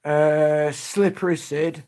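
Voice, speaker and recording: A man's voice: fairly high pitch, steady tone, takes it slowly, a little mellow. A man hosting a livestream, reminiscing in a rambling, nostalgic chat that trails off. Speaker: livestream host.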